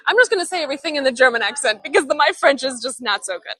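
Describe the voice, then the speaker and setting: Speaking very fast in a high, pushed, bright voice with lively intonation, a young woman streams a walking tour from an old town street on her handheld phone. The audio is poor, with no echo. Bubbly and talkative, she reads viewers' comments aloud.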